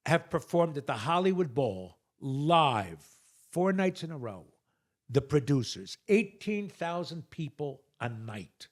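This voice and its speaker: A man on a show as a guest, telling stories and jokes in animated conversation with big swings between loud and hushed. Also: a little high. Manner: animated joke teller, quick shifts between loud and hushed.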